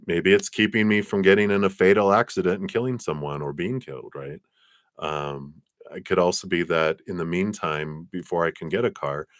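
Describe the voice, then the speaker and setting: A man's voice: dry recording, studio quality. A man doing tarot card readings on a live stream, talking in a loose, spiritual way with many fillers. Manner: acts out quoted voices with big pitch jumps.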